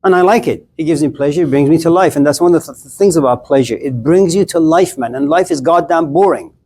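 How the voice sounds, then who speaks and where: A man's voice: on the high side, fast, darkish tone, breathy edge. A middle-aged man giving a casual, blunt classroom lecture on philosophy, chatting straight at his students and acting out little scenes.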